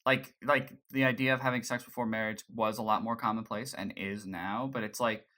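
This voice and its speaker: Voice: medium pitch, steady tone, fairly quick, bright, forceful tone. A podcast co-host in casual chat, retelling scenes in a loose, rambling way with restarts. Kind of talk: casual pop-culture chat.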